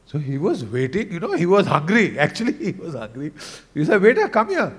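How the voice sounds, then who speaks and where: A man's voice: on the high side, very animated, brisk, slightly rough. A man in his sixties with an Indian English accent, telling an anecdote at a conference and mixing in Hindi phrases. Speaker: conference speaker. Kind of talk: storytelling speech.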